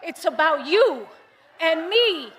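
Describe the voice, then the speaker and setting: Bright, high-voiced woman rallying a crowd. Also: sing-song, takes it slowly. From United States. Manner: impassioned, rousing. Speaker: campaign rally speaker. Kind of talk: rally speech. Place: large rally venue. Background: faint crowd.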